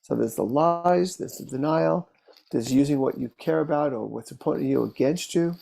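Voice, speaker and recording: A man working as a therapist, telling case stories in a relaxed, conversational way, with fillers and restarts. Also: fairly high pitch, normal speed, creaky. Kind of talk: casual teaching talk with case stories.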